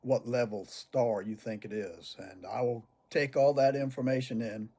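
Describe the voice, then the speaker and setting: A man's voice: medium pitch, steady tone, normal speed, dark tone. An older man chatting to camera about cigars and telling stories from his childhood, chuckling often as he talks. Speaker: cigar vlogger. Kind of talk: casual storytelling to camera.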